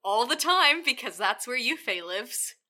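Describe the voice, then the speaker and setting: A woman's voice: on the high side, sing-song, a little slow, sharp tone. A woman podcast co-host in casual chat, recapping a series in a rambling way full of fillers.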